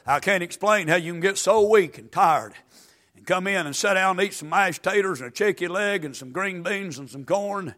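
Shouting preacher, gravelly and high. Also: male voice. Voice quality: weak, worn voice. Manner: chanting, shouting climaxes with folksy asides. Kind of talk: fiery sermon.

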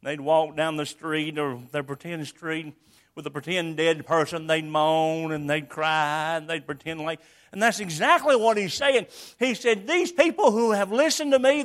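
A man with a high-sitting voice preaches a sermon, explaining a scripture passage verse by verse and acting out its quotes with sudden loud bursts.

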